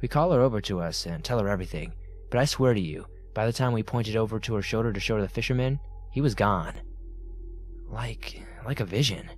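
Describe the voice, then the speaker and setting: A man narrating horror stories in a steady reading voice that drops to a hushed tone in tense parts. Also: lowish voice, fast, a little hiss or hum. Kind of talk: scripted horror story narration. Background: faint background music.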